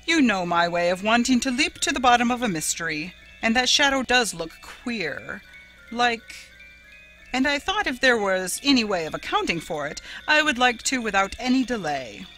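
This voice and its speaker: A woman's voice: a little high, very animated, normal speed, bright, forceful tone, faint music behind, pitched above the performer's own voice. A woman voicing a man who covers his fear with forced, easy-going talk. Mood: forced ease. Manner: forced breeziness. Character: blustering man, brother-in-law with forced easy laugh.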